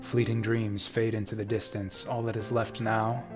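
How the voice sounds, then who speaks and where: A man's voice: fairly low pitch, level tone, normal speed. Man reading game text over music. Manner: dramatic reading, drifting into casual, profane asides. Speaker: streamer. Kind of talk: reading game dialogue aloud and commenting. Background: faint game music.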